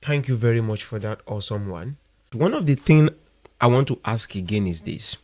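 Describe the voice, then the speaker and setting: A man's voice: mid-range voice, animated, normal speed, darkish tone. A man hosting a faith podcast, asking earnest, emphatic questions of his guest. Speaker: podcast host.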